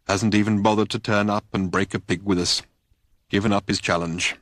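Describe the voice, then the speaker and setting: A man's voice: lowish voice, fairly even intonation, moderate pace, dry recording, clean studio sound, lightly acted. A man voicing a gloomy, taciturn old male god who talks in terse, clipped phrases. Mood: grim.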